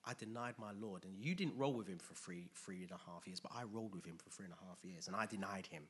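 A man preaching a sermon in a conversational way, dropping to quiet asides and rising to loud emphatic bursts. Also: low-pitched, fast, a little hiss or hum.

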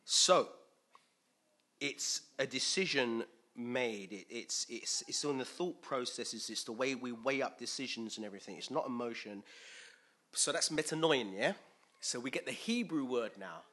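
A man preaching a conversational sermon in a chatty, lively way, full of fillers and repeated words. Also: mid-range voice, normal speed.

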